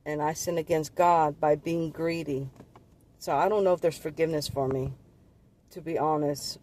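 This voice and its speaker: Earnest man recounting visions, slightly high voice. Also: fairly even intonation, moderate pace, darkish tone, a little hiss or hum. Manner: earnest, rambling, repeats and restarts words. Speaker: vlogger sharing visions. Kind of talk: personal spiritual testimony.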